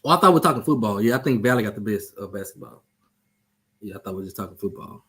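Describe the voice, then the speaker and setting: A man's voice: fairly low pitch, lively intonation, quick pace, bright, forceful tone. A man hosting a casual sports chat show, talking loosely, joking and trash-talking. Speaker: show host.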